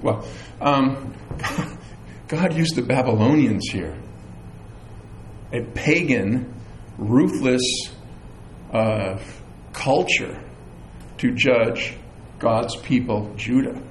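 Middle-aged pastor preaching in an echoey room. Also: male voice, medium pitch, slow, slight background noise. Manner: animated preaching with chatty asides and self-deprecating humor. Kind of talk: sermon. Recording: echoey room with faint ambience.

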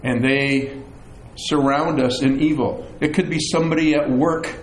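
A middle-aged man preaching a sermon as pastor, animated, with chatty asides and self-deprecating humor. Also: mid-range voice, a little slow. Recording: echoey room with faint ambience.

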